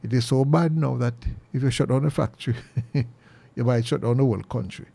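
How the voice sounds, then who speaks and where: A middle-aged Jamaican man hosting a commentary show, talking earnestly and preachily, his pitch jumping high when he presses a point. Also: brisk, creaky, mellow. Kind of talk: opinion monologue.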